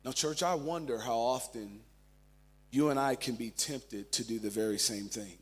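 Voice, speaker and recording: A man preaching a sermon as pastor, telling stories and shifting between loud and hushed delivery. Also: mid-range voice, normal speed, breathy edge.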